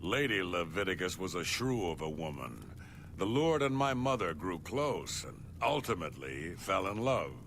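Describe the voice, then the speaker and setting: An actor playing an earnest male fighter who tells his story in a measured way. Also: low-pitched, very animated, fairly bright tone, slight background noise, heavily acted.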